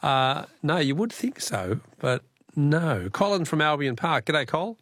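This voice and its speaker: A man with an Australian accent hosting a talkback radio quiz, chatty and quick to laugh with callers. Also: fairly high pitch, very animated, a bit bright, no echo. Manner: chatty, laughs often, friendly banter with callers.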